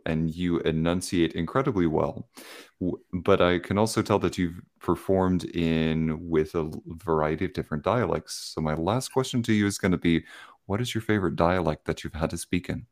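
Man, very deep voice, podcast host, easygoing questions. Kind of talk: casual conversation.

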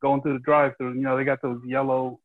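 A man's voice: medium pitch, level tone, fast talker, no room sound. A man telling a rambling, easygoing story in casual chat, with lots of fillers. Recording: dry, dull close mic.

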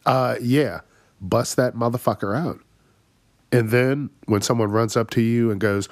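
A man's voice: mid-range voice, a little slow, dry recording, clean studio sound. A man hosting his own comedy podcast, ranting in exasperated, profane bursts and laughing at his own jokes. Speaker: podcast host. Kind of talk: solo comedic rant.

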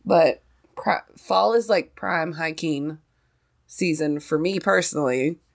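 A woman co-hosting a podcast in casual chat, talkative and quick to laugh. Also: low voice, vocal fry. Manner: chatty, laughs often. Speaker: podcast co-host.

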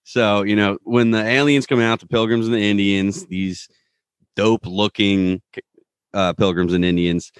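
Casual podcast co-host, man, low voice, dry close sound, animated retelling. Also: unhurried, clean tone, dry recording. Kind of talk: casual chat recapping a cartoon episode.

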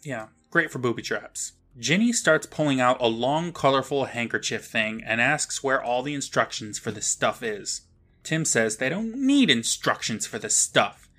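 A man's voice: mid-range voice, lively intonation, normal speed, fairly bright tone, soft background music. A man co-hosting a podcast, wryly narrating a TV episode beat by beat. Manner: wry, narrating plot beat by beat. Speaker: podcast co-host. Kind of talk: casual episode recap.

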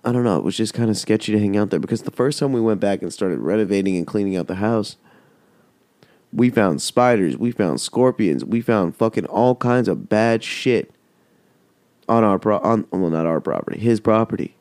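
A man's voice: lowish voice, normal speed, a little mellow, dry recording, studio quality. A man hosting a podcast, telling a rambling, heavily profane story in casual chat. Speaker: podcast host.

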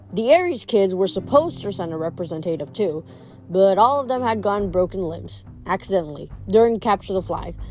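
A woman reading a novel aloud in a steady, plain narrating voice. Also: mid-range voice. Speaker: audiobook reader.

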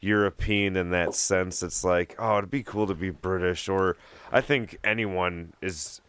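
A man's voice: low-pitched, steady tone, unhurried, fairly bright tone, smooth. A man, a musician guest in a casual interview, joking and playful, who slips into put-on accents.

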